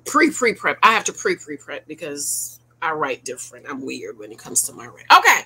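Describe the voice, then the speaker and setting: A woman in her forties giving casual reaction commentary to her viewers, animated and preachy, firing rhetorical questions at them. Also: deep voice, brisk, slightly rough. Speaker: YouTube commentator.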